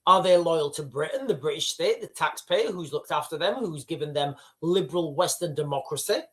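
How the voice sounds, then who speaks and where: A man's voice: fairly high pitch, brisk. A middle-aged British man hosting a livestream, rambling and sidetracking as he talks to his chat. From United Kingdom. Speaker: livestream host. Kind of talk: casual livestream commentary.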